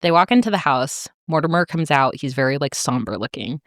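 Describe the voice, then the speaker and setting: A woman with a fairly low voice recaps a show in animated, swear-laden podcast chat. She acts out the characters' lines as she goes. The recording is dry and close to the mic. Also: fairly quick, no room sound. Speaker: podcast co-host.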